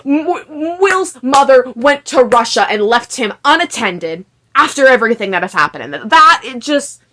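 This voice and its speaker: A young woman rants through a casual vlog review, frustrated and swearing, stumbling over fillers. Her voice is bright and clear, and sits a little high. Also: very animated, normal speed. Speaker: video creator.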